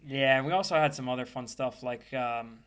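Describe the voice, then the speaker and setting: A young American man co-hosting a podcast. He talks in a relaxed, laid-back way and leans on fillers. His voice sits at an ordinary middle pitch. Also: fairly quick, clear, resonant tone. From United States. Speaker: podcast co-host. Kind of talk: casual chat.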